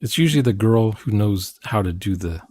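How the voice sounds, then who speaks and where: A man co-hosts a casual stream, talking slowly and rambling from one thought to the next. His voice sits a bit low, and the close mic gives a dry sound. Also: lively intonation, dark tone, husky, no echo. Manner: slow, rambling talker. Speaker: stream co-host.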